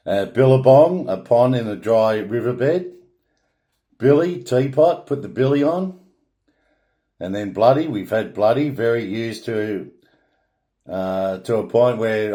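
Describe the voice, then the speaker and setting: Blunt Australian man, mellow voice. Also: lowish voice, unhurried. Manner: blunt, opinionated, with frequent swearing and restarts. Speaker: vlogger. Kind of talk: rambling monologue.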